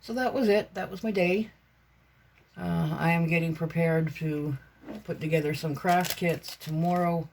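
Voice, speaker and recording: A woman's voice: lowish voice, fairly even intonation, a little slow, a little mellow, a little hiss or hum. A woman vlogger chatting casually about her crafts, meandering and chatty with many fillers and self-corrections. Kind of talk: casual rambling vlog chat.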